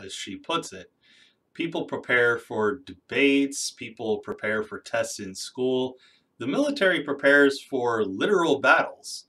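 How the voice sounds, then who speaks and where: A man's voice: medium pitch, lively intonation, unhurried, fairly bright tone, far from the mic. Skeptical man heard a bit off-mic. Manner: critical, skeptical. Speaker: commentator reacting to a video. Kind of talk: reaction commentary.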